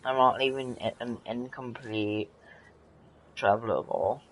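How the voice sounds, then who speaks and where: A streamer chatting casually with friends during an online game, with a case of the hiccups and a playful, easily excited manner. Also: medium pitch, measured pace, rough recording. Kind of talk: casual gaming chat.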